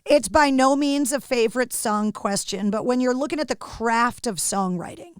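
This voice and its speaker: A woman's voice: fairly high pitch, moderate pace, smooth, no room sound, studio quality. A woman hosting a podcast interview, asking upbeat, teasing questions. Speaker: podcast host. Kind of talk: casual interview chat.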